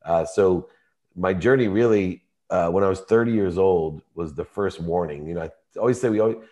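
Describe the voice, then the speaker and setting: Man, 50s, guest storyteller; low-pitched, emotional and animated. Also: moderate pace. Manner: emotional, animated storytelling with laughs and vivid quotes. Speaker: podcast guest. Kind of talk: personal storytelling in conversation.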